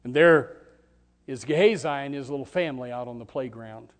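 Brief: male pastor, mid-pitched, impassioned sermon delivery with sharp shifts in volume. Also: brisk. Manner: dramatic, swings from hushed to shouting, acts out voices.

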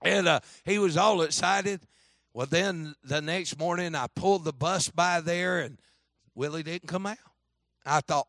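A man's voice: on the high side, measured pace, gravelly, fairly bright tone, no room sound. A man pastor preaching a sermon, telling a story and acting out the voices, with frequent "amen?" asks to the congregation. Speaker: Baptist pastor.

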